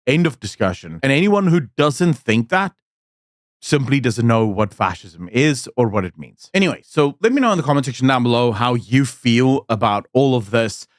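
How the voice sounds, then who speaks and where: A man's voice: mid-range voice, sing-song, moderate pace, dry recording. Blunt, emphatic male commentator, dry mic. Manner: blunt, emphatic, sarcastic asides. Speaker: political commentary host. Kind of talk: opinion commentary monologue.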